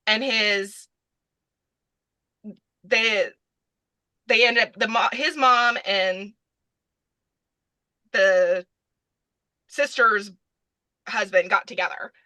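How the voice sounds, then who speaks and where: A woman co-hosting a live stream, telling stories in a lively, casual way and often saying "like". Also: on the high side, no echo. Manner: lively storyteller, says "like" often.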